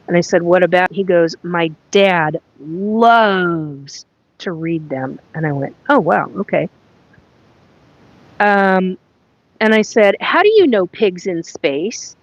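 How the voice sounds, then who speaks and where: A woman with a lowish voice talks slowly and haltingly as she hosts a live chat and recounts a reading from her notes. The sound is dull, lo-fi and dry, with no room echo. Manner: halting, reads aloud from her notes with many fillers. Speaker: psychic medium host.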